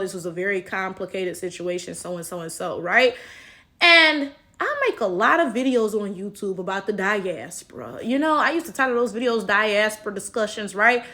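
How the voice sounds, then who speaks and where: A Black American woman in her thirties giving casual, animated commentary straight to her viewers. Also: fairly high pitch. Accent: African American. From United States. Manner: animated, talks straight to viewers with y'all and right. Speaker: commentary vlogger.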